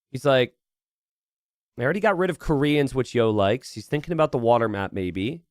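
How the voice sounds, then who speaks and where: A man's voice: mid-range voice, dry recording. Guy casting a game on stream, just rambling and chatting w his viewers, dry close mic. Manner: chatty and rambling, thinks aloud and talks to chat. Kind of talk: casual live-stream commentary.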